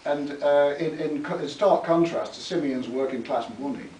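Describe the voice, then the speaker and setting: A man's voice: on the high side, moderate pace, a little mellow, slight background noise. A man, an author, reading from his book in a theatrical way and adding spoken asides at a library talk. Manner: theatrical, relishing words, chuckling at his own lines. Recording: echoey room, mic far off.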